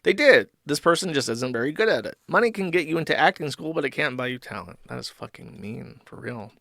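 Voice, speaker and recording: A man's voice: fairly high pitch, lively intonation, a little fast, gravelly, fairly bright tone, dry recording, studio quality. A male host giving sardonic, profane live-stream commentary while reading chat aloud.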